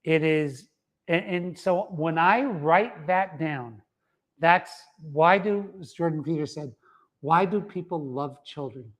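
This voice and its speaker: A middle-aged man delivers a motivational talk with a fairly high voice for a man. He speaks emphatically, repeats words for stress and fills pauses with uh-huh. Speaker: wellness center founder giving a talk.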